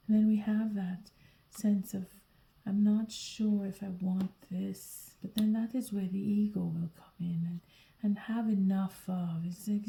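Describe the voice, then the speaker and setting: A sleepy woman gives a whispered tarot reading late at night, her hushed voice dark and mellow with a gravelly edge. She talks in soft, halting half-sentences and often restarts. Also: mid-range voice, slight background noise, rough recording. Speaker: tarot reader.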